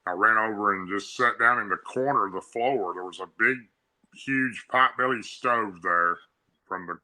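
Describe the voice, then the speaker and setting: A man's voice: lowish voice, normal speed, bright, forceful tone, low-quality recording. A man on a talk show telling a story in a casual way, in long run-on sentences that repeat his actions. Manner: breathless run-on retelling, repeats himself. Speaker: guest.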